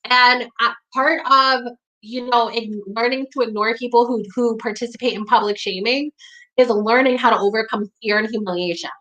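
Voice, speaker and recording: In this candid monologue to camera, a community talk host with a New York accent addresses her audience bluntly, using "like" often and cursing when she gets riled. Her fairly high, pushed and bright voice holds a steady tone at a moderate pace, and the recording's highs are cut off.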